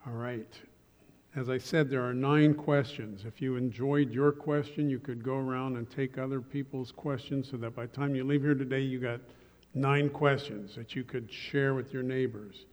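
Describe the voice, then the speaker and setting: A male pastor giving a sermon to his congregation, relaxed and joking in asides. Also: medium pitch, moderate pace, big-room sound. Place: church sanctuary.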